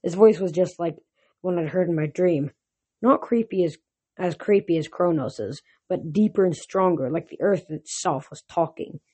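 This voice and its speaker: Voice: medium pitch, moderate pace, mellow, slightly rough. A reader narrating a novel in first person, with frequent slips and restarts. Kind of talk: audiobook reading of a novel.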